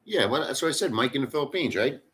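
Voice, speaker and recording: A middle-aged man talks loosely to his live chat from his home in the Philippines. His voice is bright and forceful, and he rambles bluntly with plenty of swearing. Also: mid-range voice, animated, fast talker. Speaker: livestream host. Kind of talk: casual live chat with viewers.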